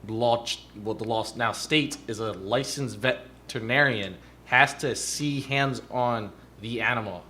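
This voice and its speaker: A man's voice: mid-range voice, unhurried, hardly any pauses, sharp tone, a little hiss or hum. A man at a city council meeting explaining a legal change, breaking off and restarting his sentences.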